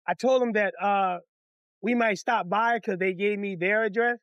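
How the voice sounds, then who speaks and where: A man from Detroit telling a personal story in casual, profane storytime narration, animated and acting out the people in it. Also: sits high, moderate pace, clean tone, dry recording, muffled recording. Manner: animated, profane, acts out voices.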